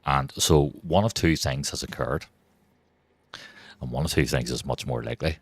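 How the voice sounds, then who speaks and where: A man with an extremely deep, low voice chats through a live game stream, rambling from one thought to the next and swearing freely. The sound is dry and close, with no room around it. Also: normal speed, breathy edge, no room sound. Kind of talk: casual live-stream chat.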